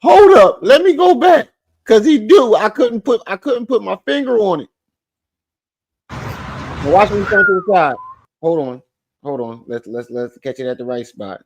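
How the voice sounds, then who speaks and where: Dude w a aave running a livestream, clowning the chat, cussing, voice jumps all over the place. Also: male voice, high voice, big pitch swings, measured pace, pauses often, background noise. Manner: loud, profane, joking and teasing chat. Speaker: livestream host. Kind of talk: casual livestream commentary.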